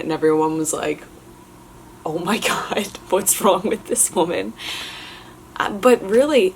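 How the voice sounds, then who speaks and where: A woman's voice: medium pitch, dark tone, a little hiss or hum. A young woman vlogger chatting candidly as she answers viewer questions, with lots of filler words and restarts. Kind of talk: casual chat.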